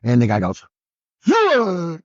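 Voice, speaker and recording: An older man, a comedian guest, telling stories in casual chat, laughing often and jumping into loud high voices when he quotes people. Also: expressive, normal speed, creaky, breathy edge, no room sound, dull audio.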